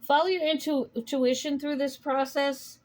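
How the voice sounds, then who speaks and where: A woman's voice: sits high, steady tone. Rambling woman giving a tarot reading. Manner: rambling, halting, many ums and restarts. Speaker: tarot reader. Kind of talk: casual spoken tarot reading.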